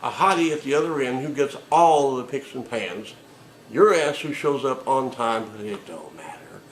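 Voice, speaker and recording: A man's voice: medium pitch, animated, moderate pace, roomy sound, rough recording. A man delivering a sarcastic, profane comedic rant with emphatic delivery.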